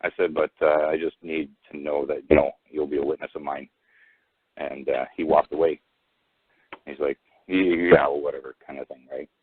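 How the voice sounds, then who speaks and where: A man telling a rambling personal story over the phone, halting with many restarts and fillers. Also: extremely low pitch, level tone, slightly rough, no echo. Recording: tinny phone line, dry.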